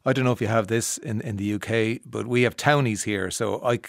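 A man's voice: fairly low pitch, steady tone, fairly quick, vocal fry, dry recording, clean studio sound. A man from the Irish Midlands hosting an interview in a chatty, restart-filled way. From Ireland. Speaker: host. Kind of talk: casual interview chat.

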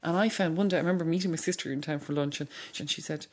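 A woman's voice: low voice, rapid-fire. A middle-aged Irish woman speaking candidly in a documentary interview, talking in a conversational way with many restarts.

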